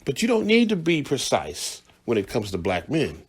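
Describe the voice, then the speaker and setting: A man's voice: medium pitch, wildly swooping pitch, normal speed, slightly rough. A man hosting a radio show, telling a story in a casual, blunt, profane monologue and laughing along the way.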